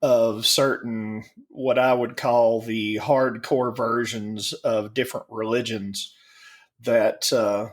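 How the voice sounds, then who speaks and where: A middle-aged man, a podcast co-host, speaking in a measured, blunt way in casual chat. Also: medium pitch, flat delivery.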